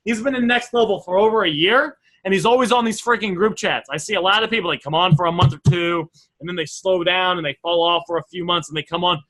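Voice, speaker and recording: A man coaches a training group in a live online session, upbeat and direct as he reads out sample message lines. His voice sits high and sounds bright and forceful. He talks to the class like a regular leading his own program. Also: fast talker, poor audio.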